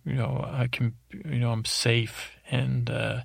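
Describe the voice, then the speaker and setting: A man with a heavily gravelly voice drones through a rambling bedtime story, keeping his pitch level and monotone. He wanders, stalls and corrects himself as he goes, speaking close to a dry microphone. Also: slow pace, dry recording. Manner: meandering, droning, self-interrupting. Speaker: podcast host. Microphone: close studio microphone.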